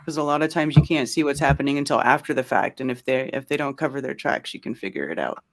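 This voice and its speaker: A man's voice: medium pitch, fast, creaky, fairly bright tone. A man talking as a guest on a podcast, loose and conversational with many fillers. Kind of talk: casual interview chat.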